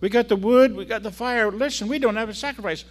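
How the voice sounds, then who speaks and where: A man preaching who voices the boy Isaac in a high, pleading, earnest tone. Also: quick pace, close to an everyday voice. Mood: anxious.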